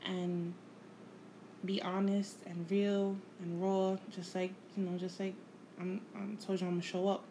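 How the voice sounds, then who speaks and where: A woman hosting her own podcast, talking without a script in a reflective, halting way, repeating phrases and swearing casually. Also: medium pitch, flat delivery, mellow, slight background noise, low-quality recording. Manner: emotional, candid, casual swearing. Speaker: podcast host. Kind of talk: unscripted personal monologue.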